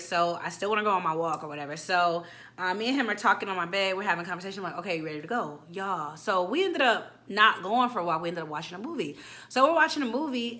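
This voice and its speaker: Bright-voiced woman telling a story. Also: mid-range voice. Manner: animated, slangy, acts out quotes. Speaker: storytime vlogger. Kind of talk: casual storytelling.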